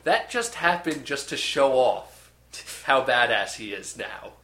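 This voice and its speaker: A man's voice: medium pitch, lively intonation, measured pace, bright, forceful tone. A young man in casual chat, retelling a movie with lots of fillers and acted-out bits. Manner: rambling, filler-heavy, acts out scenes. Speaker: podcast co-host. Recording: echoey room.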